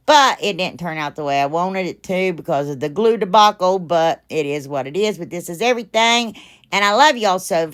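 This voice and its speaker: Chatty woman hosting a craft tutorial. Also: lowish voice. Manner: chatty and rambling, talks straight to viewers; frequent fillers and side comments. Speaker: craft channel host.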